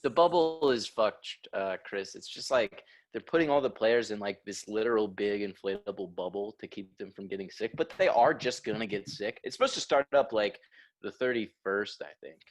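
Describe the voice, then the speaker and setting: A man's voice: fairly low pitch, normal speed. A man co-hosting a podcast, chatting casually in a rambling, profane way. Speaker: podcast co-host. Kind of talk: casual chat.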